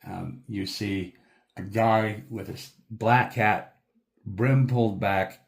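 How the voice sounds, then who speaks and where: Deep, slow-talking game master man. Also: fairly even intonation, gravelly. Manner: unhurried and descriptive, with many fillers. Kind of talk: narrating a tabletop game.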